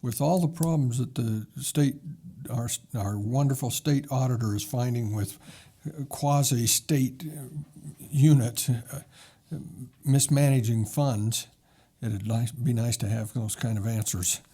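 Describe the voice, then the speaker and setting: A man's voice: mid-range voice, measured pace, mellow, breathy edge. A man on a city council questioning a budget item skeptically in a meeting. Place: council chamber.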